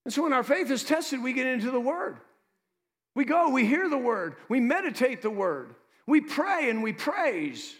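High, lively preaching man. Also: normal speed, in a large hall. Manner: lively preaching with asides to the congregation. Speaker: pastor. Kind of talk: sermon.

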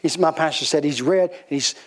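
A male pastor delivering a sermon in a notably high voice. He tells his stories with lively, animated energy and circles back over his phrases for emphasis. He breaks into laughter as he preaches. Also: brisk. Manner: animated storytelling, repeats phrases; laughs while telling stories.

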